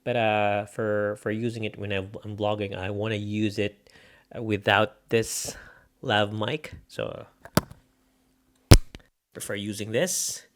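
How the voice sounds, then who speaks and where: A man's voice: fairly low pitch, little pitch movement, takes it slowly, long pauses. A man with a Filipino Bisaya accent, rambling casually as he tests microphones in a room for a vlog. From Philippines. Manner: rambling, unscripted, lots of fillers. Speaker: vlogger. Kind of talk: casual gear-testing vlog. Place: indoor room. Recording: echoey room, mic changes.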